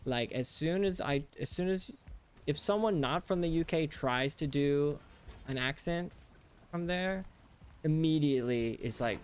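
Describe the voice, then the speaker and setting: A man's voice: on the high side, a little slow, clear, resonant tone. Chatty American man streaming a game. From United States. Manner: rambling, chatty, talks to chat. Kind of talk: casual chat while gaming.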